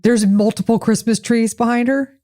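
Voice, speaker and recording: A woman co-hosting a podcast, speaking at a middle pitch. She keeps poking at the story with dry, skeptical questions and teasing remarks, all in an easy conversational tone. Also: steady tone, moderate pace, warm tone. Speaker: podcast co-host. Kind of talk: casual chat.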